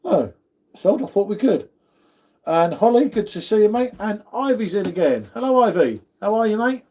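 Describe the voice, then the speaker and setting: A man's voice: high voice, lively intonation, normal speed, warm tone. A man hosting a casual livestream, reading out viewer comments and greeting viewers in a chatty way, calling everyone "mate". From United Kingdom. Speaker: livestream host.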